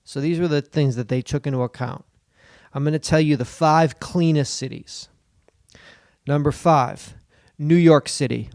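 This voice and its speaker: A man on a comedy podcast, his voice sitting a touch high, riffing loosely and cursing freely. He keeps breaking into silly put-on voices. The mic is close and the sound is dry, with no room around it. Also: measured pace, creaky, a little mellow, no echo. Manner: riffing, profane, slips into goofy put-on voices. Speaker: podcast co-host. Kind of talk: casual comedic banter.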